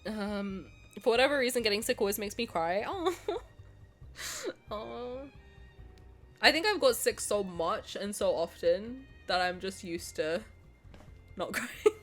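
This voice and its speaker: A sick, slightly congested woman streams with faint music behind her, speaking at a measured pace in a medium-pitched voice and pausing often. She chats effusively with viewers and reads game text aloud, restarting a lot and bursting into laughter.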